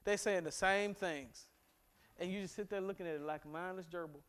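Man, pastor, sermon, high voice, animated, joking, church. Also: a little fast, clear, resonant tone. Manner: animated preaching with humor and rising emphasis. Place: church sanctuary.

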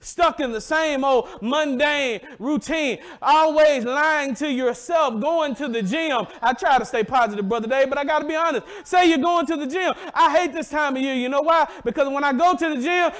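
A man's voice: extremely high pitch, normal speed, few pauses, fairly bright tone. A male pastor preaching a sermon emphatically and calling out to congregation members by name.

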